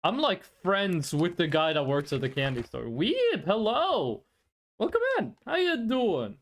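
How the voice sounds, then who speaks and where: A VTuber streamer chatting casually and playfully with viewers during a live stream, quick to laugh. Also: mid-range voice, sing-song.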